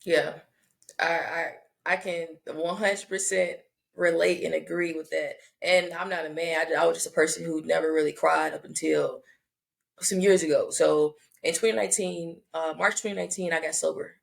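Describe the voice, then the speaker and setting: A woman in her thirties hosting a casual conversation, talking reflectively and haltingly, often restarting her sentences. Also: deep voice, steady tone, creaky.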